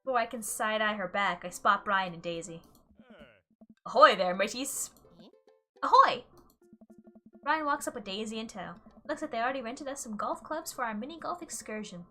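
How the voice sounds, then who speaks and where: A playful young woman reads through a dating game, cracking jokes about it as she goes. Her voice is bright and a little high, with a crisp edge. Quiet game music runs under her talk. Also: expressive, fast, few pauses. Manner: playful and joking. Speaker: streamer. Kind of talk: casual game reading and commentary.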